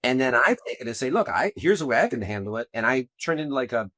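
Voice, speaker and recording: Middle-aged male host, mid-pitched; conversational and rambling, frequent restarts; dry close-mic studio sound. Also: big pitch swings, fast talker, fairly bright tone, no echo. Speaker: podcast host and tax accountant. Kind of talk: podcast interview.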